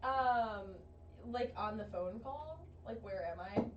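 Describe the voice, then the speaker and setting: A woman playing in a tabletop game, describing her character in a dry, playful, deadpan way, recorded distant and roomy. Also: a little high, slow pace, muffled recording. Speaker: player. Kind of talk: in-character role-play chat. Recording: roomy, distant mic with faint hiss.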